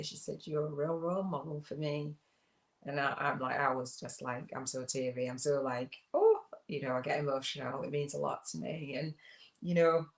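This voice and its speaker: A woman with a deep voice and vocal fry hosts a laid-back livestream for her spiritual business channel. She muses over viewer comments, rambling with many fillers and restarts, and the room is echoey.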